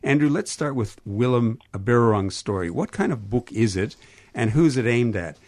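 A man's voice: medium pitch, lively intonation, darkish tone, no room sound. Canadian man hosting a radio interview. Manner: halting, stumbles over names. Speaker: radio host. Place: radio studio.

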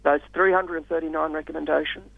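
Gravelly man on a dull dry radio line. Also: fairly high pitch, steady tone, no room sound. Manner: measured, hesitant with many fillers. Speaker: radio guest. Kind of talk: radio interview.

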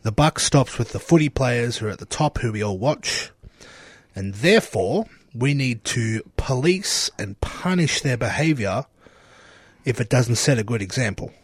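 A man's voice: mid-range voice, expressive, normal speed, slightly rough, dry recording. A man co-hosting a casual sports chat, who repeats questions back and reasons through them. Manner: thoughtful, restates questions aloud. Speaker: co-host.

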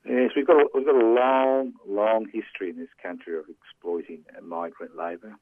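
Older man, very deep voice, halting, lots of fillers, dry tinny phone-like sound. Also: steady tone, no echo. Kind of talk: casual radio interview.

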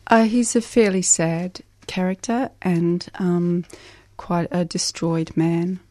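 A woman speaks in a measured, unhurried way, pausing often with soft fillers as she thinks. Her voice sits a little low for a woman. The studio sound is close and dry. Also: fairly even intonation, no room sound. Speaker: author guest. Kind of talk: radio interview, reading aloud.

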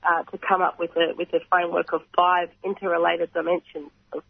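An Australian man with a croaky voice, earnestly explaining his organisation's work in a radio interview, pausing often and clearing his throat. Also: high-pitched, little pitch movement, no echo. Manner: earnest, measured, frequent pauses and throat clearing. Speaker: reconciliation organisation representative. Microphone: phone line. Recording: tinny phone line, dry.

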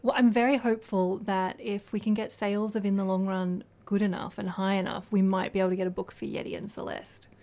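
A woman's voice: mid-range voice, level tone, a little fast, few pauses, dark tone. A woman author chatting as a guest about her books in a friendly, thoughtful way. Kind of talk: interview chat.

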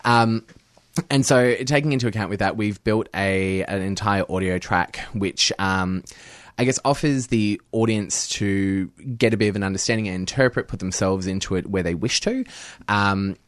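A man's voice: on the low side, moderate pace, no echo. A young man, a performer guesting on a radio interview, upbeat and giggly with many ums and likes.

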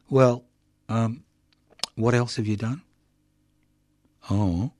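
A man's voice: on the low side, slow, pauses often, darkish tone, no room sound, clean studio sound. An older man hosting a radio show, giving passionate, indignant political commentary with mocking asides. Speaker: radio host.

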